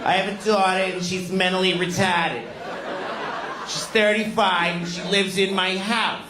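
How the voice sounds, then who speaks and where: A man voicing a blunt, foul-mouthed older female schoolteacher with a Boston accent, loud and crude. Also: sits high, little pitch movement, measured pace, voice pushed up. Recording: roomy club with audience noise.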